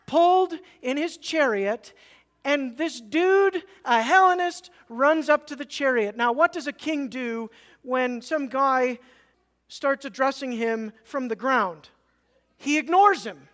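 A pastor preaching a sermon with animated, dramatic swings from loud passages to hushed ones. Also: mid-range voice. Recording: long hall reverb.

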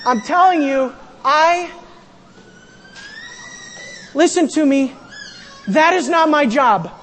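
A pastor preaching a sermon in a church, animated, acting out quotes and raising the voice for emphasis. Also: sits high, slow pace, a little hiss or hum. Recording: long hall reverb.

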